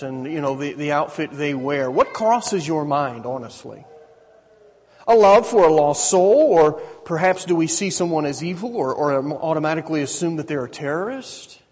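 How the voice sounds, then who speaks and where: A man's voice: on the high side, a little mellow, breathy edge. A man preaching a sermon in a conversational way, often asking his listeners questions and restarting his sentences. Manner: conversational, asks the audience questions, frequent restarts. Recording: reverberant hall.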